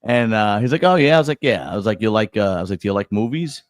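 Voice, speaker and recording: A man's voice: on the low side, expressive, fast, no room sound, studio quality. A middle-aged man hosting a podcast, telling profane workplace stories in casual chat, restarting his sentences often. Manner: profane storyteller with many restarts. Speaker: podcast host.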